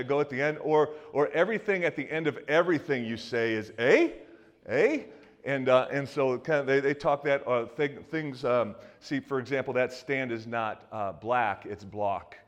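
A man's voice: medium pitch, moderate pace, few pauses. A man in his fifties from the US Northeast, preaching a sermon in a loose, joking, conversational way with many restarts and asides. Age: 50s. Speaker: pastor.

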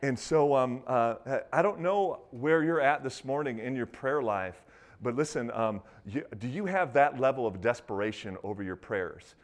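A man preaching a sermon in a conversational, animated way, acting out the quotes he tells. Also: medium pitch, normal speed. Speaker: pastor.

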